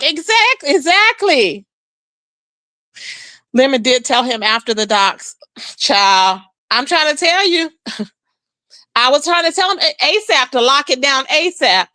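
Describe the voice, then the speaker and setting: Bright high-voiced woman gossiping on stream. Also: no echo. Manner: chatty, animated, calls viewers "child" and "baby". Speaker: livestream host. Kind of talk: casual gossip livestream chat.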